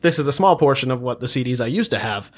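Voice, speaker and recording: A man's voice: mid-range voice, lively intonation, fast talker, breathy edge. A young man hosting a casual podcast interview, laid-back, laughing often and swearing freely. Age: young adult. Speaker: podcast host.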